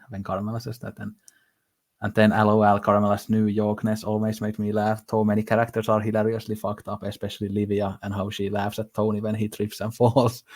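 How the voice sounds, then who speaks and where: A man's voice: lowish voice, darkish tone. A man hosting a podcast, talking casually and enthusiastically, rambling with frequent restarts. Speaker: podcast host. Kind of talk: casual discussion.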